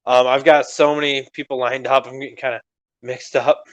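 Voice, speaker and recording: A young man chats loosely on a podcast, rambling from one thought to the next and swearing as he goes. His voice sits in a middle pitch, a little strained from recent screaming, and he laughs often. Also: flat delivery, moderate pace, fairly bright tone. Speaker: podcast co-host. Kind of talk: casual chat.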